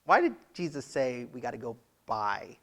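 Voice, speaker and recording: A pastor giving a sermon in church, chatty and conversational, laughing often and asking the congregation questions. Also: male voice, mid-range voice, big pitch swings, normal speed, a bit bright.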